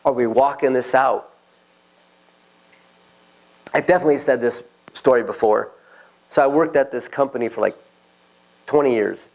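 A man's voice: mid-range voice, creaky, darkish tone, poor audio. A male pastor preaching a sermon, telling personal stories and acting out the voices of the people in them. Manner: storytelling, acts out quoted voices.

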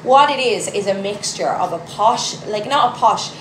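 Chatting to her followers, a young Irish TikTok creator with a Louth and Dublin accent rambles on with lots of "like". Her medium-pitched voice is animated and a bit bright at a moderate pace. She's recorded in an echoey room with clear background noise.

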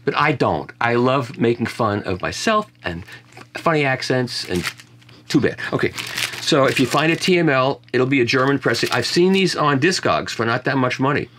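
A man's voice: mid-range voice, expressive, moderate pace, a bit bright, slight background noise. A man reviewing vinyl records in a casual conversation, chatty and full of self-mocking jokes and restarts. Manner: chatty storyteller who often restarts and jokes about himself.

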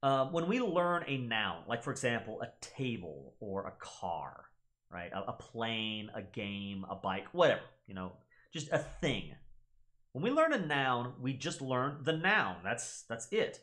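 A man's voice: medium pitch, unhurried. A man who teaches Latin, explaining pronunciation in a casual, chatty way. He repeats words carefully to model them and talks straight to his viewers. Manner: animated, chatty, addresses viewers directly.

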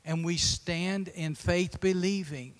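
Brief: earnest male pastor, slightly high, reverberant sanctuary. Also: steady tone. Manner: earnest exhortation, quick with slow emphatic repeats. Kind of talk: sermon. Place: church sanctuary.

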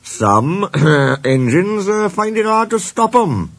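A man's voice: high voice, very animated, takes it slowly, a bit bright, voice pushed up, full character voice. A man voicing a wry old male engine in a storybook reading, speaking firmly and teasingly. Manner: firm, teasing.

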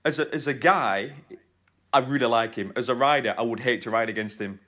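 A man's voice: mid-range voice, fairly quick, a bit bright. Man, podcast co-host, casual chat, storytelling, teasing banter.

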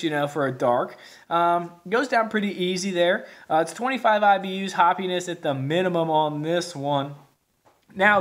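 A man's voice: high-pitched, fairly bright tone. A man reviewing a beer on camera in a rambling, folksy way, with lots of fillers and restarts. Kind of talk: casual video review.

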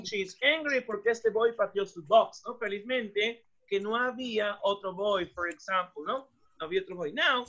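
A woman teaching English, slowly repeating phrases for students to echo and mixing in Spanish. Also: fairly high pitch, a bit bright. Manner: switches between English and Spanish. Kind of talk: classroom drilling. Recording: dull lo-fi sound.

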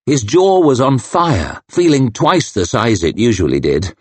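A male narrator reads fantasy prose at an unhurried, deliberate pace. His voice sits in an ordinary middle register and is recorded close and dry, with no room sound around it. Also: medium pitch, big pitch swings, dry recording. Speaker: audiobook narrator. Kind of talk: scripted narration.

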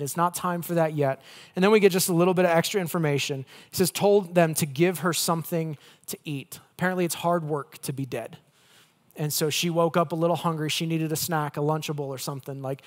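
Man preaching a lively, conversational sermon. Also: on the high side. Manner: conversational, playful asides, swings from loud to hushed. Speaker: pastor.

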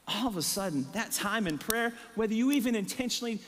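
A man's voice: sits high, expressive, fast, few pauses, fairly bright tone, long reverb tail, slight background noise. A male pastor preaching an impassioned sermon with emphatic repetition and rhetorical questions, his voice a little strained. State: voice strained, catching his breath. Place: church sanctuary.

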